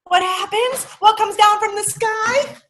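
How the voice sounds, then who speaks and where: Animated high-voiced woman telling a class story. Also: unhurried. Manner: animated, dramatic, coaxing children to join in. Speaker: teacher. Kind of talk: storytelling to young children on a video call.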